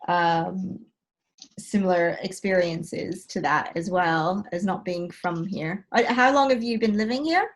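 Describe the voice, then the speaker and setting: A woman's voice: fairly low pitch, measured pace. A woman from the United States, hosting a casual panel chat in a chatty, self-deprecating way with many fillers.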